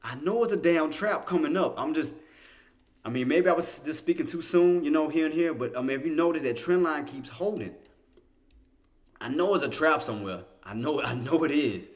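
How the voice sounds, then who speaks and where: Here a man with a fairly high pitch speaks at a moderate pace, running live market commentary on his day-trading livestream as he reads the chart. He repeats himself, restarts often, talks to himself, and gets insistent in excited bursts.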